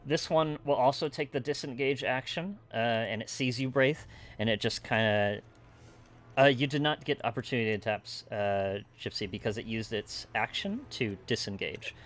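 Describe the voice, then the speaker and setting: Running a tabletop game as game master, a man narrates loosely and ramblingly, leaning on fillers like "uh" and "kinda like." His mid-range voice is fairly bright and moves at a moderate pace.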